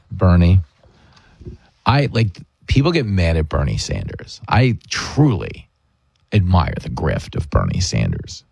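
A man's voice: low voice, huge pitch swings, unhurried, creaky, a little mellow, breathy edge, dry recording. A man hosting a talk radio show, chatting in a sarcastic, mocking way. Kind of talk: opinionated talk radio chat.

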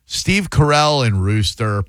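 A man's voice: medium pitch, very animated, slow, no room sound. A man, chatting casually as a podcast host in a sarcastic, teasing manner. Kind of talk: casual chat.

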